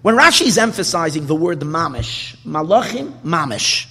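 A man's voice: fairly high pitch, normal speed, in a large hall. A man giving a Torah class, posing questions and restarting his sentences as he teaches. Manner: animated, questioning, restarts often.

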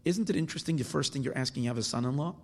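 Husky man teaching in a reverberant hall. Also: medium pitch, racing. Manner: explanatory, asks and answers his own questions; mixes Hebrew terms into English, with restarts and fillers. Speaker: Torah teacher. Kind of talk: Torah class explaining verses.

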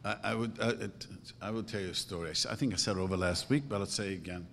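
A man's voice: on the low side, racing, long reverb tail, slight background noise. A man giving an informal religious talk as a rabbi, earnest and emphatic, telling stories with sudden rising bursts.

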